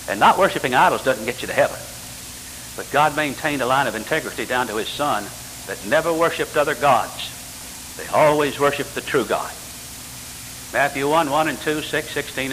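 An older man preaching a sermon as pastor, full of rhetorical questions and sudden jumps in pitch. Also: fairly bright tone. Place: church sanctuary. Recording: church hall reverb with faint hiss.

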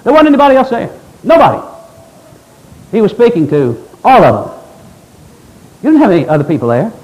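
A man's voice: high voice, big pitch swings, brisk, darkish tone, poor audio. A man preaching a fervent, emphatic Baptist sermon, now and then mimicking imagined objectors. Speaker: Baptist pastor.

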